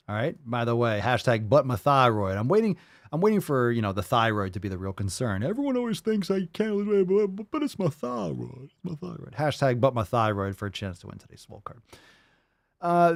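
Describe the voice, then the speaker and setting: A man's voice: medium pitch, no echo, studio quality. A man hosting a podcast, reacting to clips with profane, sarcastic mockery. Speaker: podcast host. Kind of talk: casual reaction commentary.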